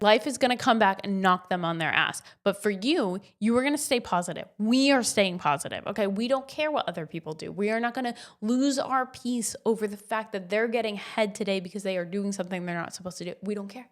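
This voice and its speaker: A woman's voice: mid-range voice, quick pace, hardly any pauses. A woman in her thirties hosting a casual motivational podcast, blunt and swearing freely with pep-talk energy. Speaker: podcast host.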